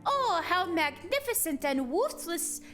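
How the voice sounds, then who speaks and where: A woman's voice: very high-pitched, very animated, unhurried, fairly bright tone, faint music behind, pitched above the performer's own voice, exaggerated voice. A woman voicing a pompous third-eldest male mage brother who teaches with grandiose flair.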